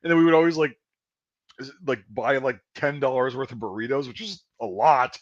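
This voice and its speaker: A man in his thirties casually telling profane army stories in an animated way, often breaking into shouted impressions. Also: mid-range voice, fairly quick, dry recording, dull audio. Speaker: podcast host and army veteran. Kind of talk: casual storytelling chat.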